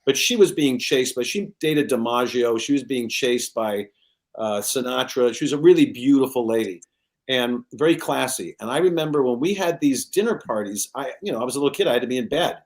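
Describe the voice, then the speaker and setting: A man's voice: mid-range voice, brisk. A man in his sixties, a show host, telling anecdotes in casual chat and slipping into other people's voices as he goes. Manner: animated storyteller who slips into other people's voices.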